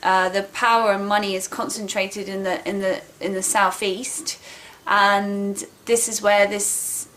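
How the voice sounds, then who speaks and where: A woman's voice: medium pitch, little pitch movement, a little slow, hardly any pauses, fairly bright tone, a little hiss or hum. A woman with a Southern English accent giving a casual video lesson on accents, emphatic and repeating her points, checking in with listeners often. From England.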